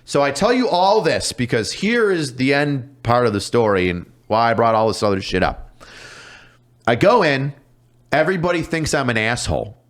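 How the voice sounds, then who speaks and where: A man, a police officer guest on a podcast, telling stories casually with lots of swearing and quick impressions of other people. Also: mid-range voice. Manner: profane, animated, mimics people in his stories. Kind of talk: casual storytelling.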